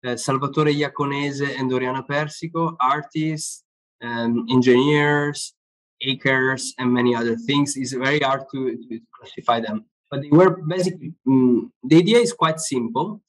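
Speaking at a normal speed in a mid-range voice, a man interviewed as an author lays out his ideas during a live online discussion. He frequently repeats words while searching for how to phrase things, and the recording is rough.

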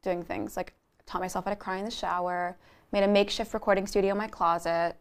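A woman's voice: mid-range voice, flat delivery, clear, resonant tone. A young woman in her twenties, a guest chatting in a bubbly way and telling stories about herself. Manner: bubbly storyteller, quick laughs. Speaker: interview guest. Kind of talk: casual interview chat.

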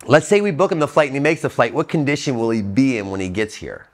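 Man, 40s, motivational speaker at a rehab event; blunt, swearing, punchy, dynamic delivery, mid pitch. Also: lively intonation, fast. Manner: blunt, profane, emphatic with sudden swings in pitch and loudness. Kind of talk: recovery talk to an audience. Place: treatment center talk.

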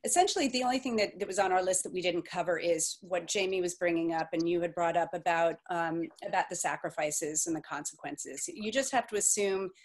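A woman's voice: lowish voice, a little fast, hardly any pauses. A woman moderating an online info session, reading out questions and giving frank, practical advice in a chatty way.

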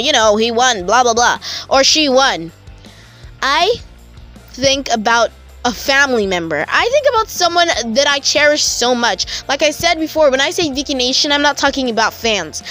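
A young woman with a high, bright voice records a casual vlog shout-out for her channel. She talks in a gushing, affectionate, emotional way. Soft music plays faintly behind her. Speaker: YouTuber.

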